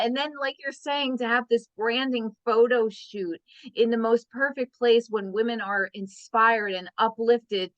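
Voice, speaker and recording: A woman's voice: fairly high pitch, a bit bright, dry recording. A woman hosting a business-coaching interview, enthusiastic and full of praise. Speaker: host, wealth and business coach. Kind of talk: podcast interview. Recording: dull, dry lo-fi audio.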